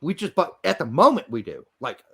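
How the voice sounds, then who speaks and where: Animated ranting man with a high voice. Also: fairly quick, breathy edge. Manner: animated, ranting, self-mocking. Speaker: podcast co-host. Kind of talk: casual ranting chat.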